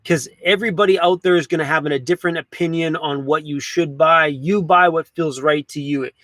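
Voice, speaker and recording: A man's voice: a little high, fairly even intonation, a little fast, fairly bright tone, no room sound. A man hosting a casual van life livestream, chatty and laid-back, swearing now and then. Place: inside a camper van.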